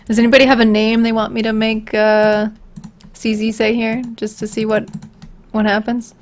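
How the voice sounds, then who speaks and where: A woman's voice: a little high, flat delivery, moderate pace, a little hiss or hum. A woman on a casual livestream, answering viewer questions in a rambling, giggly, self-deprecating way.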